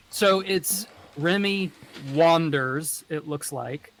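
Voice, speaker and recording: A man with a Southern US accent, a podcast guest in casual chat who is animated and laughs often. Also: fairly high pitch, very slow, slight background noise.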